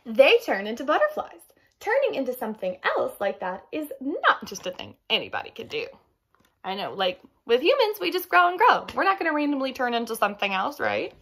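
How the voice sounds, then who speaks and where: An enthusiastic woman reading a picture book aloud to young listeners, expressive and teacher-like. Her fairly high voice rises and falls in lively storytime swoops as she pauses to ask questions. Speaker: read-aloud host.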